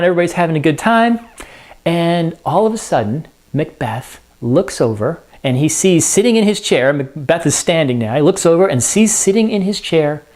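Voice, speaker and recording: Male teacher, relaxed conversational story recap, animated delivery. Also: a little high. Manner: conversational, animated retelling with filler words. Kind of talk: casual explanatory lesson.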